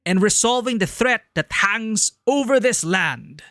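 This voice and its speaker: A man's voice: sits high, expressive, measured pace, sharp tone, dry recording, clean studio sound, voice pushed up, full character voice. A man voicing a formal official who presents a giant mech program, reading in a put-on generic British accent with stiff, declamatory delivery. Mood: assuring.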